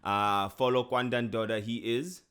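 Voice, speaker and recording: Young man, casual podcast co-host, mid pitch, laughing, repetitive delivery. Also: fairly even intonation, measured pace, a bit bright, clear, resonant tone. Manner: laughs often, repeats and restarts words. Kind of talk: casual chat.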